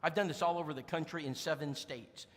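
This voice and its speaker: A man preaching, telling folksy stories in an animated, emphatic way to a congregation in a church. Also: fairly high pitch, a little fast, big-room sound. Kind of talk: sermon storytelling. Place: church sanctuary.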